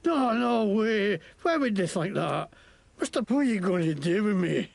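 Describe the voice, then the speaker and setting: A man's voice: high voice, expressive, moderate pace, no echo, heavily acted. An actor playing a crude, boastful male shopkeeper and crook with a put-on Scottish accent, in a video game. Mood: panicked. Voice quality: gravelly, profane, blustering.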